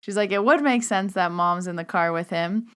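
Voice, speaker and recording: A woman podcast host telling a story and acting out both sides of a conversation with lively quoted dialogue. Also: medium pitch, normal speed, smooth. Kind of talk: storytelling monologue.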